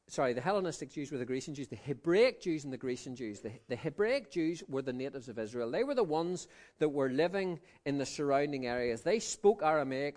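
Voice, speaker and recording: A man preaching a sermon, repeating words as he restarts and dropping to a low murmur for emphasis. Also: darkish tone.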